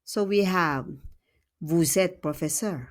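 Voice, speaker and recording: A woman's voice: lowish voice, slow pace. A woman teaching a French grammar lesson, patiently repeating words and checking in with "okay?".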